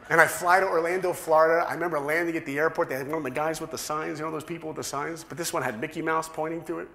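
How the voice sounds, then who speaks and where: Male speaker, lively storytelling, roomy hall sound. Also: fast talker, creaky, a little hiss or hum. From New York. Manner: animated, acts out dialogue with big pitch swings. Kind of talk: storytelling talk to an audience. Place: large hall.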